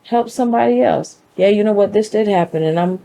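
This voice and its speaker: A woman's voice: mid-range voice, fairly quick, vocal fry, mellow, slight background noise, low-quality recording. A woman hosting her own show, giving an emphatic, conversational motivational monologue with a preachy, faith-driven edge. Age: adult mother. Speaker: show host.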